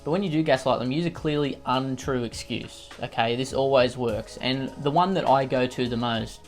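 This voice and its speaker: A man with a slightly nasal, snivelling voice giving mock-serious, condescending advice in a deadpan comedy monologue. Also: medium pitch, moderate pace, soft background music. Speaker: comedy sketch host.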